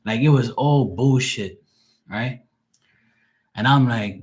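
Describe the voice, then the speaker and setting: A man's voice: mid-range voice, slow, pauses often. A man who reads tarot, chatting casually on a livestream and telling stories in a blunt, profane way. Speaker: tarot reader and medium.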